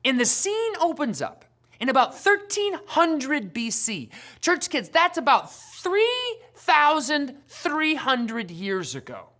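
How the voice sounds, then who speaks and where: A woman hosting a children's church show, telling a Bible lesson in a playful, animated storytelling manner. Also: sits high, takes it slowly. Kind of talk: lively kids' Bible lesson.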